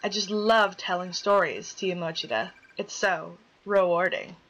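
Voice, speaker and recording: A woman's voice: on the low side, fairly even intonation, moderate pace, a bit bright, slight background noise, natural voice, low-quality recording. Woman reading as a sly teasing class rep. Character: teasing schoolgirl class representative, sadistic streak.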